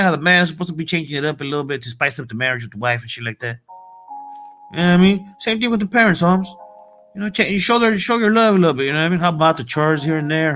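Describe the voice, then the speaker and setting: A man's voice: high voice, pushed and bright. A man giving a profane, heated motivational rant in street slang. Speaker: motivational vlogger.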